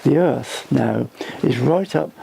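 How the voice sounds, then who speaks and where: Older man, very gravelly, dark mellow tone, tired, halting delivery. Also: mid-range voice, a little hiss or hum. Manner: halting, restarts mid-sentence. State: tired, voice fading. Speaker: inn owner giving a tour. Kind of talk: rambling casual talk. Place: old inn, indoors.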